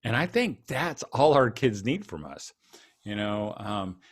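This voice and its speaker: A man's voice: on the low side, big pitch swings, measured pace. Humorous middle-aged male speaker. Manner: humorous, storytelling, self-deprecating. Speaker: conference keynote speaker. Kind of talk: casual interview talk.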